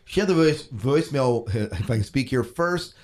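A man's voice: medium pitch, expressive, normal speed, darkish tone. A middle-aged man hosting a podcast, talking casually with frequent restarts. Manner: rambling, hesitant, many restarts and laughs. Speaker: podcast host.

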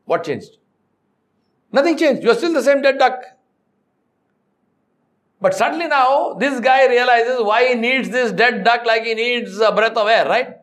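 A man's voice: very high voice, fairly bright tone. Emphatic man. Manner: emphatic, rhetorical questions, storytelling with blunt humor. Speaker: corporate trainer. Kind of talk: classroom lecture.

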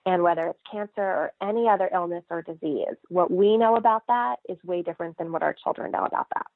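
Middle-aged woman guest, expressive storyteller, slightly low voice, thin phone-line audio. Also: fast, dry recording. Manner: lively, expressive, acts out quoted voices. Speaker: guest, mother of a child cancer patient. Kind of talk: casual interview storytelling. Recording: tinny phone-line sound, dry.

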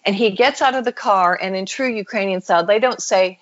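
A woman's voice: medium pitch, a little fast, dull audio. A woman, a podcast guest, telling a personal story in an interview and acting out the voices of the people she quotes. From United States. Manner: animated storyteller who acts out quoted voices.

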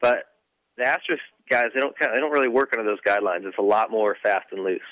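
Lowish voiced guy, dry sound, chill and rambling explanations. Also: quick pace, a bit bright, no echo, low-quality recording. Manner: easygoing, hedging with fillers, explains medical procedure. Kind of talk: casual chat.

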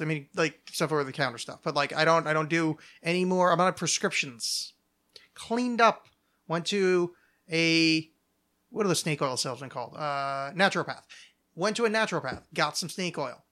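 Guy hosting a podcast, chatty and self-mocking, bright highish voice. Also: moderate pace. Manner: rambling, self-mocking, jokey. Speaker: podcast host. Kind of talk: casual chat.

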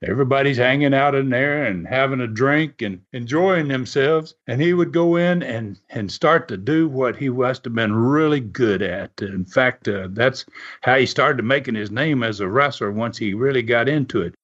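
A man's voice: medium pitch, moderate pace, fairly bright tone. A man hosting a podcast, telling a story at an easy pace with plenty of "uh" fillers. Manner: rambling, full of "uh" fillers. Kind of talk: casual storytelling. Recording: dull lo-fi podcast audio.

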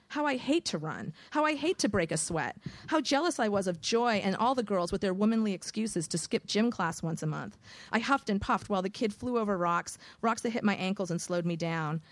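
A woman reading a first-person audiobook in a measured, vivid storytelling manner. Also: medium pitch, lively intonation, no echo. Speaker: audiobook narrator.

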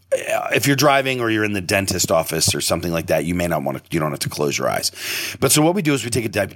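Middle-aged male host, lower voice that swings widely, casual monologue with loud emphatic bursts. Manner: animated, emphatic, profane storyteller with sudden loud bursts. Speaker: restaurant owner and podcast host.

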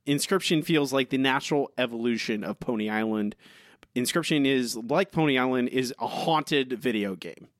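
A young man with a mid-pitched voice talks earnestly and haltingly, stumbling and restarting as he explains. The sound is close and dry, with no room echo. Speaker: podcast co-host. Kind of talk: casual chat.

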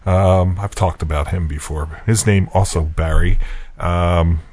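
Low-voiced podcast host, self-mocking. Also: male voice, fairly even intonation, unhurried, a little mellow. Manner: rambling and self-mocking, with many fillers and chuckles. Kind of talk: casual storytelling chat.

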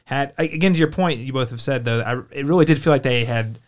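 A movie review podcast host chats casually and enthusiastically, packing his speech with fillers and restarts. He talks quickly in a medium pitch.

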